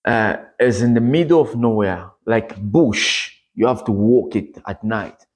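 Brief: preacher, male, husky voice, earnest testimony that climbs in pitch at dramatic moments. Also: unhurried. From Democratic Republic of Congo. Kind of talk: sermon testimony.

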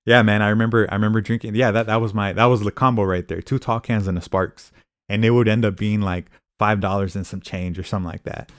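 A man's voice: fairly low pitch, fairly even intonation, fast, no echo, studio quality. A man talking casually and rambling, with many fillers and repeated "I remember". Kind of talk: casual podcast chat.

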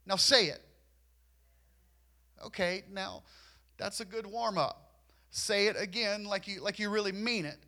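A man's voice: high voice, moderate pace, pushed and bright. A man preaching a sermon to his congregation in a church. He urges them on, repeats himself and stammers over restarts. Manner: repetitive, urging, stammers on restarts.

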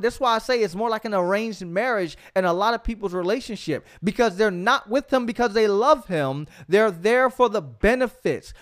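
A man preaching fervently in a podcast sermon, exhorting his listeners and often calling out "come on". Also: high-pitched. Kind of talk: sermon-style podcast teaching.

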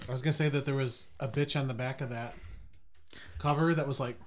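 A man guesting on a podcast, trading quick wisecracks and teasing in casual banter. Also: mid-range voice, fairly even intonation.

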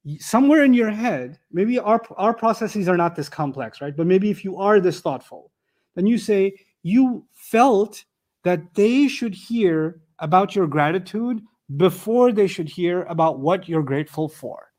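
A man with a fairly high voice teaches a roomful of students, talking conversationally and working through examples on a screen. His tone is animated, with quick asides to the audience. He sometimes steps away from the mic, so he drifts a little farther off. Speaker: Quran teacher. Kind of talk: classroom tafsir lecture.

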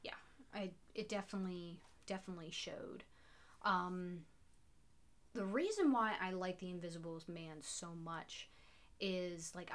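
A woman co-hosting a podcast, talking about an old film in a casual, enthusiastic way, full of "like" and restarts. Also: fairly low pitch. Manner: enthusiastic, filler-heavy with many restarts. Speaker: podcast co-host.

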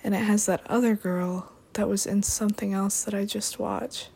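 A woman's voice: medium pitch, fairly even intonation, normal speed, dark tone, slightly rough. A young woman hosting a podcast, chatting in a rambling, playful way with sarcastic asides. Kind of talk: rambling comedic chat.

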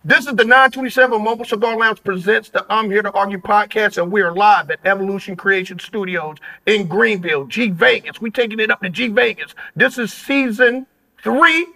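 A man hosting a podcast, talking in an energetic, slangy, playful hype-man way. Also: high-pitched, brisk, creaky, poor audio. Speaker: podcast host. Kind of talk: hyped casual podcast chat.

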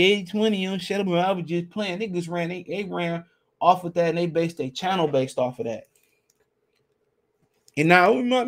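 A man's voice: high voice, vocal fry. A man hosting a podcast, ranting in a heated, profane, repetitive way. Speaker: podcast host. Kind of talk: casual podcast rant.

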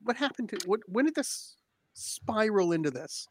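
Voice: moderate pace, slight background noise. A podcast co-host chatting casually, prone to sarcastic rants with lots of swearing. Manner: sarcastic, ranting, lively swings in pitch.

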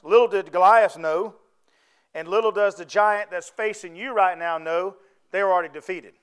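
A man's voice: sits high, normal speed, fairly bright tone, clear, resonant tone. A man preaching a sermon, folksy and conversational, often asking the congregation to answer back.

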